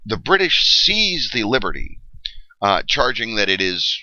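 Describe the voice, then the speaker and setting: A man's voice: fairly low pitch, sing-song, measured pace, pushed and bright, no echo. A middle-aged man giving a history lecture, explaining step by step with frequent fillers and checks of "okay?". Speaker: history teacher. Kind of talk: classroom lecture. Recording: dull lo-fi dry recording.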